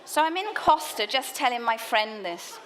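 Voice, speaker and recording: A woman speaking at a church leaders' conference, telling a lively story in a sermon talk, laughing and using quick asides. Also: on the high side, a crowd in the background, noisy background. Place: conference hall.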